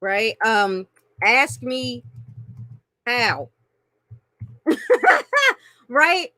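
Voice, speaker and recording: A woman coaching on marketing in an animated, playful way, laughing often and addressing listeners as y'all. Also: fairly high pitch, unhurried, dry recording. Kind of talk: teaching a marketing lesson with acted-out examples.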